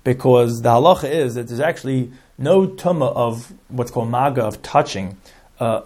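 A man's voice: mid-range voice, a little mellow. A man teaching a Talmud lesson, reading Hebrew and Aramaic terms and translating each into English, often stopping and restarting phrases. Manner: stops and restarts phrases while explaining. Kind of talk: explaining a Talmud text line by line.

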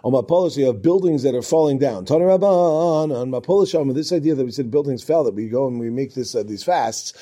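A man's voice: mid-range voice, quick pace, few pauses, warm tone. A man teaching a Talmud class, reading each passage aloud and then explaining it in casual English, with asides and restarts.

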